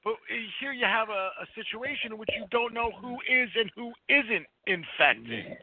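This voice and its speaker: A middle-aged man co-hosting a podcast, rambling through a casual film chat with profane, lively asides. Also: high voice, normal speed. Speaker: podcast co-host. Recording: tinny phone-like line.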